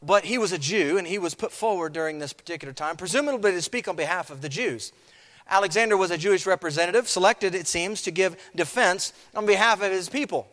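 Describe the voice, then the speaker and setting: Dramatic preacher in a reverberant hall. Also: male voice, sits high, fast talker, fairly bright tone. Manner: dramatic, acts out crowd chants. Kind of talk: sermon.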